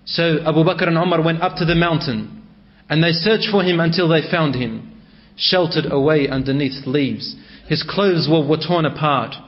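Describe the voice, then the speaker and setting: A man's voice: a little high, moderate pace, muffled recording. A male preacher telling a story in a sermon, emotive and mixing in Arabic phrases.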